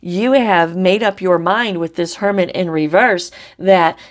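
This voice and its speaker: A woman's voice: fairly low pitch, a little slow. A woman giving a casual tarot reading, blunt and salty, swearing freely and often tagging her points with "right?". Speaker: psychic tarot reader.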